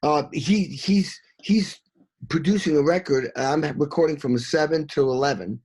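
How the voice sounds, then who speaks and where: Excitable husky man telling studio stories. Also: fairly high pitch, normal speed. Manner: excitable, swears freely, scats drum beats. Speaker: session drummer, interview guest. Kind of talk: animated storytelling in an interview.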